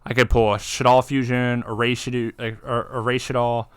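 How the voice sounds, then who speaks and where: Man, podcast co-host, casual chat, excitable, swearing, smooth voice. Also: mid-range voice, fairly quick, dry recording, studio quality. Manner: excited, swearing, acts out card-game moments.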